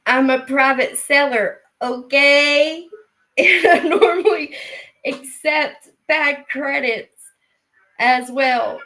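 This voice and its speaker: Lady doing a sweet-talking scam seller, slow and pushy, voice pitched up high, keeps asking okay?. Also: rough recording. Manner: coaxing, with drawn-out reassuring tag questions. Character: pushy smooth-talking phone scammer selling a car.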